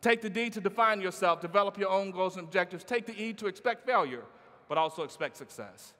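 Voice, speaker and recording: A man's voice: high-pitched, brisk, sharp tone. A middle-aged man giving a motivational keynote speech with a rhythmic, playful delivery, heard in a large conference hall. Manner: rhythmic, call-and-response style delivery with playful asides. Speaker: keynote speaker. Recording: long hall reverb.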